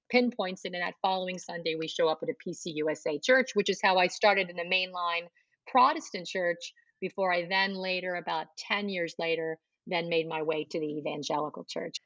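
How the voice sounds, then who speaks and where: A middle-aged woman, a guest in an interview, recounts her personal testimony and plays out the recalled dialogue. Her mid-range voice has a sharp tone, and the audio is dull with no room sound.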